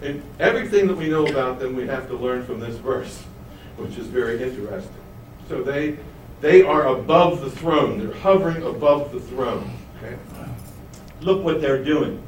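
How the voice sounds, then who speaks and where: A man's voice: mid-range voice, lively intonation, moderate pace, a little hiss or hum. A man teaching a Bible study lesson, asking his listeners questions and answering them himself. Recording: roomy, mic at a distance.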